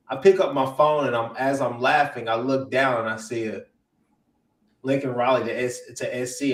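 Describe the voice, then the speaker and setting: A man ranting as an upset sports fan co-host, swinging from hushed hurt to loud outbursts. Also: mid-range voice, normal speed, reverberant, far from the mic, low-quality recording. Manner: animated venting, swings from hushed to yelling. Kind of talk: emotional sports fan rant.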